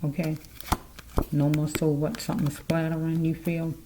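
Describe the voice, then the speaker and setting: A woman's voice: low-pitched, little pitch movement, normal speed, dark tone, a little hiss or hum, low-quality recording. A woman giving a casual tarot card reading, rambling and musing aloud as she speaks straight to the listener.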